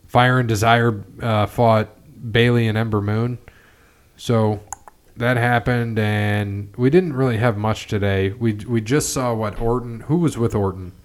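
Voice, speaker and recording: A man in a relaxed podcast chat, speaking in a slightly low voice. He rambles, restarts sentences and leans on fillers as he recaps events. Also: a little slow. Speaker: podcast host. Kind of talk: casual chat.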